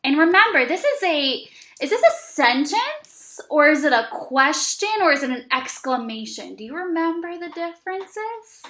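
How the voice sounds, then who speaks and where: High, animated woman teaching young children. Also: roomy sound. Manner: slow, exaggerated, encouraging teacher talk with praise. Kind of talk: early reading lesson for young children.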